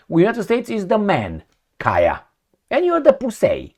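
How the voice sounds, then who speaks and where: A man's voice: high-pitched, huge pitch swings, a little slow. A man giving an angry, profane, mocking political rant with many fillers. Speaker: commentary vlogger. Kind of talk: ranting political commentary.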